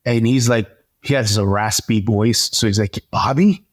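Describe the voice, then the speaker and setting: A man as an interview guest, telling a personal story in a lively, animated way, with frequent fillers and restarts. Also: lowish voice, normal speed. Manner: animated storyteller, acts out dialogue. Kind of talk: personal testimony in conversation.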